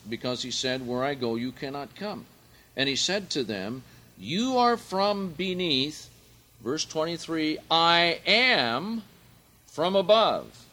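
Slow, bright-voiced man teaching scripture. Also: medium pitch, a little hiss or hum. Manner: slow and deliberate, rising loud and emphatic on scripture quotes. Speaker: Bible teacher. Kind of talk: verse-by-verse Bible study.

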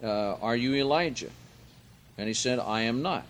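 A man preaching a sermon, reading scripture aloud and explaining Greek words, rising in pitch and volume for emphasis. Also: moderate pace, slight background noise.

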